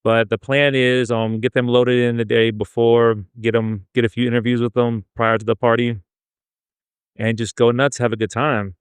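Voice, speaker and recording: A man from El Paso hosting a casual podcast chat, relaxed and loose with his fillers, on a close mic. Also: medium pitch, normal speed, smooth, no echo. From El Paso, Texas. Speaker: podcast host.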